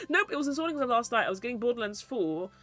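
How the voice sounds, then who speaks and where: A high, bouncing woman's voice with a bright, sharp edge carries this casual livestream chat. She teases her viewers, swears freely and breaks into grand mock-archaic proclamations. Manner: playful, teasing, swears, slips into mock-archaic theatrics.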